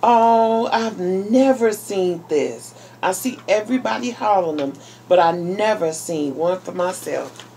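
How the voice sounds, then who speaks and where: A woman vlogger chatting casually while unboxing a package, talking excitedly to her viewers. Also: fairly low pitch, unhurried, slight background noise. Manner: chatty and exclamatory, addressing viewers as y'all. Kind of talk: casual unboxing vlog chat.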